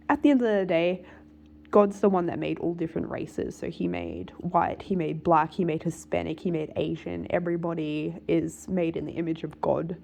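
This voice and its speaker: A woman's voice: fairly low pitch, vocal fry, warm tone, slight background noise. A woman talking casually to camera in a rambling, emphatic way, with many filler words. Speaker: vlogger.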